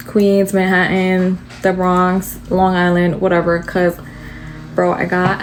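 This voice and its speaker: A woman's voice: medium pitch, a little hiss or hum. A young woman tells a storytime to the camera in an exasperated rant, with lots of swearing and fillers.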